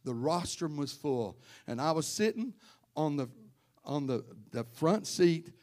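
A male pastor preaching a sermon to his congregation in church, telling stories and calling out members by name, rising to loud fervent preaching. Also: a little high, expressive, a little slow.

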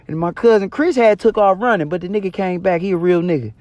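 A man's voice: high-pitched, a little fast, hardly any pauses, darkish tone, dry recording, muffled recording. A young man telling a personal story to the camera, casual, slangy and full of profanity. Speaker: storyteller vlogger.

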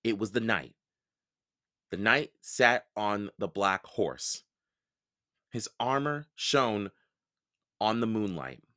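A man reading a children's book aloud for a podcast, expressive and unhurried. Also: lowish voice. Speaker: podcast storyteller.

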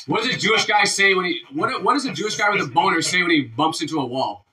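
A man hosting a casual podcast, loud and joking, laughing often as he tells crude jokes. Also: a little high, very animated, quick pace, few pauses, recorded from a distance. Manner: loud, joke-telling, laughs a lot. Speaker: podcast host.

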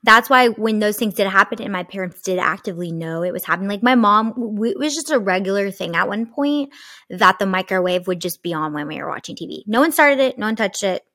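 A woman's voice: medium pitch, animated, fast talker, sharp tone, no room sound, clean studio sound. A young woman casually telling a personal ghost story, chatty, full of fillers and swearing.

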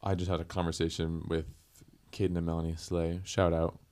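A man opening and co-hosting a podcast with playful, joking banter. His voice sits low, and he trades quips easily with his co-host. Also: level tone, darkish tone. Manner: jokey, quick to laugh and banter. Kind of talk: casual chat.

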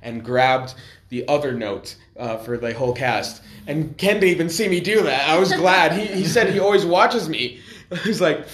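Excitable rambling young man, echoey room. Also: fairly high pitch, moderate pace. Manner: rambling, excitable, many restarts. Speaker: podcast co-host. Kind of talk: casual chat.

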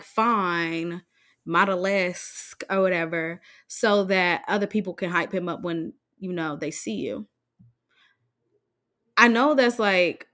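A woman in casual chat, brash and animated, often breaking into laughter. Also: medium pitch.

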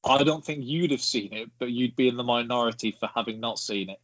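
A man co-hosting a casual film podcast, explaining his points in a measured way and leading with trivia. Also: medium pitch, a bit bright, dry recording, dull audio. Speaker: podcast co-host.

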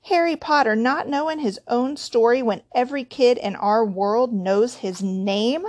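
Woman reader doing Hagrid: huge gruff gamekeeper, dropped endings, storybook voice. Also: mid-range voice, unhurried, a little mellow, no room sound, clean studio sound, close to an everyday voice. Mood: indignant. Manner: rough dialect, dropped endings. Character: huge gruff male gamekeeper, big-hearted.

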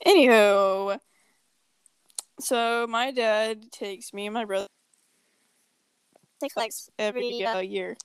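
High-voiced young woman telling a story. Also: fairly even intonation, a little slow, pauses often, smooth, dry recording. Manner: storytelling, profane, joking. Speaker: podcast co-host. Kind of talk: casual chat.

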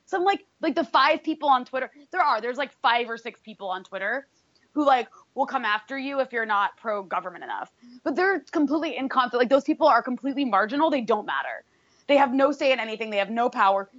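A woman's voice: a little high, animated, fairly quick, a bit bright, no room sound, lo-fi sound. A woman co-hosting a political talk show, ranting in an exasperated, profane way, full of fillers and restarts. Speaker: political commentary co-host.

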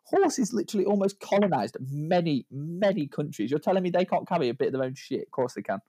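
A man's voice: on the high side, very animated, fast talker, warm tone, slightly rough, dry recording. A man co-hosting a casual podcast chat, rambling and joking, tagging lines with "right?". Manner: rambling, jokey, stacks up "right?" tags. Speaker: podcast co-host.

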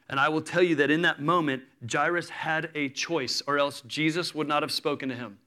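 A man in his thirties preaching a sermon, telling a story with lively energy and acting out the people in it. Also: on the high side, moderate pace, few pauses. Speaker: pastor.

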